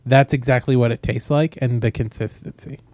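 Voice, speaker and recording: A man co-hosting a podcast in casual chat, easygoing and quick to laugh. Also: mid-range voice, steady tone, darkish tone, dry recording. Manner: easygoing, laughs often, reads listener questions. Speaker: podcast co-host.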